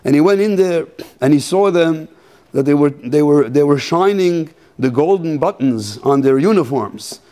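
Mellow rabbi, throat-clearing sermon. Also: male voice, on the high side, expressive. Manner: halting, repeats words, clears throat often.

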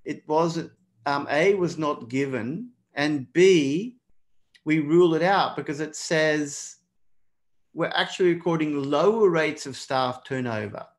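A man's voice: on the high side, a little slow. An Australian man teaching a live online exam prep lesson, encouraging and speaking to viewers in the chat by name.

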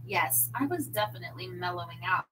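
A woman reading a novel aloud on a livestream, expressive, with chatty asides to her viewers. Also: lowish voice, fairly quick, noisy background. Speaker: audiobook reader.

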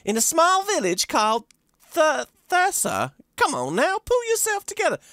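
A kindly young village woman, as a man puts her on, speaking in a soft, coaxing, sing-song way. The voice sits well above his own, pitched up high and light, and it swoops about with a lot of movement. It comes across as gentle and caring toward a stranger. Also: lively intonation, slow pace, full character voice.

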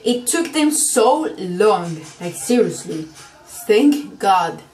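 A young woman casually reacting to a TV episode, excitable, laughing and swearing often. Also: medium pitch, slow pace, far from the mic. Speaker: TV show reactor.

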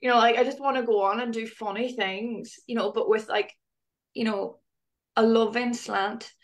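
A woman guest in casual conversation, chatty and animated, laughing often as she talks. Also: a little high, normal speed.

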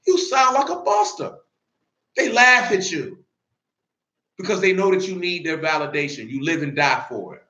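Man preaching hard, high bright voice, gets shouty, roomy lo-fi recording. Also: animated, normal speed. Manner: emphatic, swells into shouts, blunt street talk. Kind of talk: sermon.

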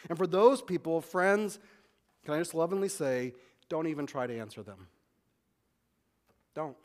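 A man pastor preaching a sermon in a conversational way, often restarting and repeating words. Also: a little high. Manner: conversational preaching, acts out quick back-and-forth dialogue.

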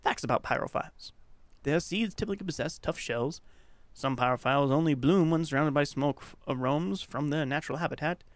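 A man's voice: on the high side, a little fast, no echo. A man streaming a puzzle game, rambling and self-mocking while reading game text aloud. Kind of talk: casual game commentary.

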